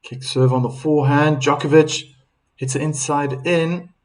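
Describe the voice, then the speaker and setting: Guy doing casual live tennis play-by-play on a stream, slightly high voice, chatty, reads out chat comments. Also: steady tone, measured pace, rough recording. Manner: chatty, reads viewer comments aloud, laughs easily.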